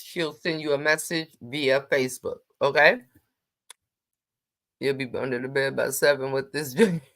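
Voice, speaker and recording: Low-voiced woman hosting a casual livestream. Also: fairly bright tone. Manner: chatty, teasing, greets viewers by name. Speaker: livestream host.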